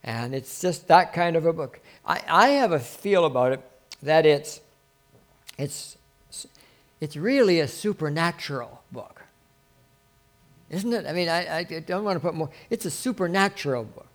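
A man preaching an informal sermon to a small group, earnest and rambling, with many restarts, dropping his voice softly whenever he quotes a prayer. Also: on the high side, animated, unhurried, pauses often. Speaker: pastor.

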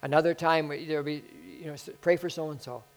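A man preaching a sermon in an excitable way that swells into loud bursts, then leading a spoken prayer. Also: on the high side, fairly quick, soft background music, poor audio. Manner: prays aloud.

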